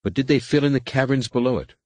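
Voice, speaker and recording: A man's voice: medium pitch, very animated, measured pace, husky, no room sound, pitched above the performer's own voice. A man voicing a stubborn, eager young male Jedi in an audiobook, speaking with insistent questions.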